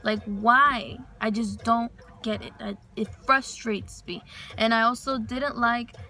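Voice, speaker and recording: A woman's voice: fairly high pitch, steady tone, a little slow, bright, forceful tone, soft background music. Frank, rambling young woman venting in a car. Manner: frank, rambling, heavy swearing. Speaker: vlogger. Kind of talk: casual venting monologue. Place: inside a parked car.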